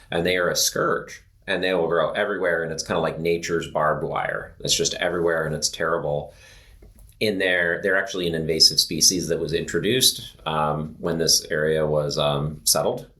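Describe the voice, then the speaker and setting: A man's voice: very deep voice, steady tone, normal speed, sharp tone. A man co-hosting a casual health podcast, from the Pacific Northwest of the US, who talks in loose, rambling sentences full of "like" and "um". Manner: rambling, filler-heavy, laughs easily. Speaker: podcast co-host.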